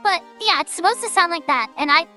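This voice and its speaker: High, childlike filtered streamer voice. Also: expressive, a little fast, sharp tone, faint music behind. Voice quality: filter makes the voice sound childlike. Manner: rambling, self-deprecating, with restarts. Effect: voice-changer filter. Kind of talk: casual gameplay commentary.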